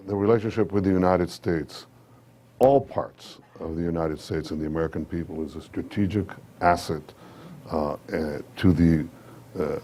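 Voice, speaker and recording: A man with a sore throat, giving measured public remarks at an event, pausing often with fillers. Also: low voice, mellow, a little hiss or hum. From Israel. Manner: measured, hesitant with many fillers. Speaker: guest speaker.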